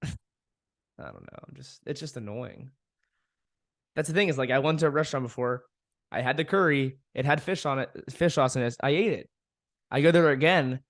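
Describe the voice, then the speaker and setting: A young man talks straight into a dry, close mic, venting about his frustrations. His voice sits at an ordinary pitch, and he swears freely while laughing at himself now and then. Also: moderate pace, long pauses, no room sound. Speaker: podcast host. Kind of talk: casual solo podcast monologue.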